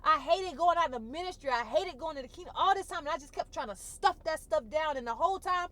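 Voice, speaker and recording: High-voiced woman telling a tearful story. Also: fast. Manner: expressive, colloquial, repeats phrases for emphasis. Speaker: vlogger. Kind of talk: emotional personal testimony.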